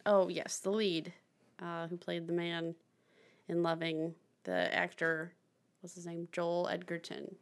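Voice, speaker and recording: A young woman talks films on a podcast in a casual, rambling way. Her voice sits fairly low, and she laughs easily and trips over her words with plenty of fillers. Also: little pitch movement, unhurried. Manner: chatty, laughs often, many fillers and restarts. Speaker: podcast co-host. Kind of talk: casual chat about films.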